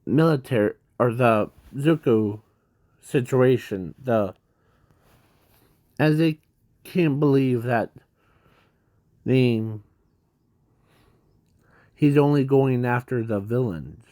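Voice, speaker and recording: A man slowly narrating an improvised fan story, halting often with restarts and fillers. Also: mid-range voice, warm tone, no echo.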